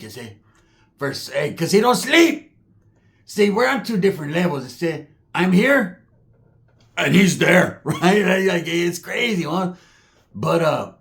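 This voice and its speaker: Speaking with a Chicano English accent, a man from Southern California wanders through a comic monologue, peppering it with Spanish slang and "I say" asides. His voice is fairly high, creaky, and fairly bright.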